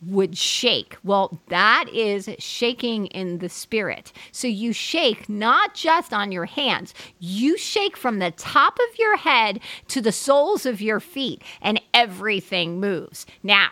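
Bright-voiced woman hosting an interview. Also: mid-range voice, takes it slowly, few pauses, no echo. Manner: animated, laughs easily. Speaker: host. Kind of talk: casual interview chat.

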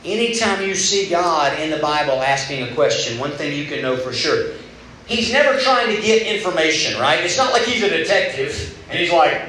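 A man's voice: a little high, very animated, normal speed, pushed and bright. A young man preaching a sermon at a retreat, talking in a conversational way and acting out the voices he quotes. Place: large room at a retreat. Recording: echoey room with faint background noise.

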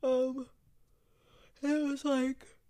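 Young female podcast host with a slightly high voice, loose and meandering, often trailing off into a soft murmur. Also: level tone, very slow. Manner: rambling, meandering, many fillers and asides; yawning, drops to a quiet murmur at times. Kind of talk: casual solo chat.

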